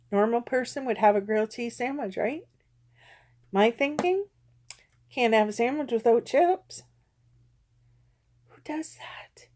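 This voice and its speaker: Woman vlogger, soft dark tone, candid confessional rambling, self-critical. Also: mid-range voice.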